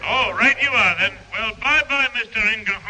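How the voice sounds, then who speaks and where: A man's voice: high-pitched, normal speed, pushed and bright, low-quality recording. An actor playing a curt, puzzled man answering the phone in a 1960s radio comedy. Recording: very hissy old radio recording.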